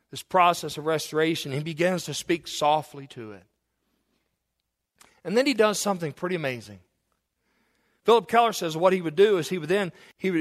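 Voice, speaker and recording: A man preaching a sermon in a voice set slightly higher than most men's. He poses question after question to his listeners and repeats his phrases. At the peaks he climbs higher and grows louder with passion. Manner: preaching with rising passion, rhetorical questions and repetitions.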